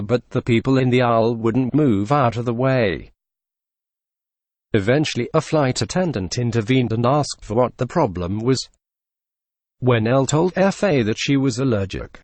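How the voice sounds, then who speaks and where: A man narrating a story read from an online forum, in an expressive voice-over with sarcastic asides. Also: medium pitch, no echo. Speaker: narrator reading a reddit story.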